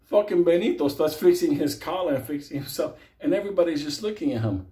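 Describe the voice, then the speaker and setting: Brief: foul-mouthed New man spinning a tale, mellow voice, roomy echo. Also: fairly high pitch, quick pace. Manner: profane, laughing, animated. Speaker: storyteller. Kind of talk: comic storytelling.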